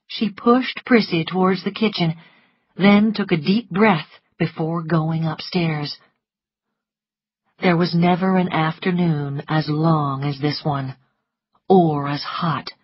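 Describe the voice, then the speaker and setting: A woman reads an audiobook in an unhurried, measured way. Her voice is husky. The recording is dry and a little dull. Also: low-pitched, no echo. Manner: measured, even storytelling. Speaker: audiobook narrator. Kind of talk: scripted narration. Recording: slightly muffled lo-fi, dry.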